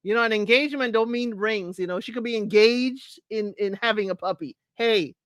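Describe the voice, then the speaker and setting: Talking casually to her chat viewers and welcoming them, this dating-show recap host is opinionated and talkative, laughs often, and hammers her points home by repeating them. She speaks at normal speed in a fairly high voice. The sound is dry and of studio quality.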